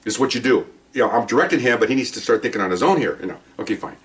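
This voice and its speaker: Older man, ex-police trainer, lowish voice, fast rambling talk, distant mic. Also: expressive. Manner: rambling, folksy, acts out quotes of others. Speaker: retired police training officer. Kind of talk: casual storytelling monologue.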